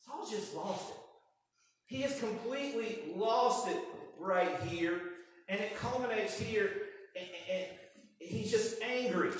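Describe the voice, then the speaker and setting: Animated preacher in an echoey hall. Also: male voice, high-pitched, takes it slowly, recorded from a distance. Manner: animated storytelling, acting out voices. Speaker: pastor. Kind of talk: sermon.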